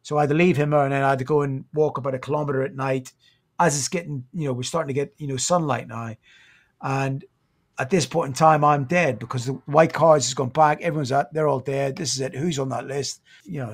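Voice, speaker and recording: British man, 50s, ex-Royal Marine guest, halting, sombre, occasionally choked up. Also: medium pitch. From Britain. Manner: halting, restarts often, sombre recounting. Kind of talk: podcast interview storytelling.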